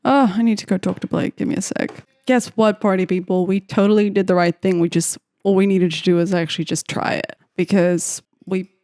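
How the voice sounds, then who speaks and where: A woman's voice: mid-range voice, steady tone, brisk, hardly any pauses, darkish tone, no room sound. A young woman chatting and giggling as she makes a beat in her home studio, talking to herself and to viewers. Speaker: beatmaker making a track on camera. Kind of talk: casual chat while making music.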